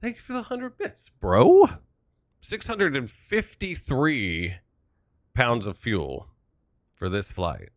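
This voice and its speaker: A man's voice: medium pitch, wildly swooping pitch, slow pace, long pauses, no echo, clean studio sound. A young man chatting casually on a live stream, joking, laughing and thanking viewers while setting up a flight.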